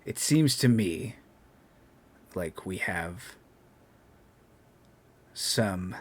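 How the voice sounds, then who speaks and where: A man voicing a haughty male dwarf clan scion who speaks in a slow, clipped, menacing way. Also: low voice, lively intonation, husky, voice pushed down, exaggerated voice. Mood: cold, haughty.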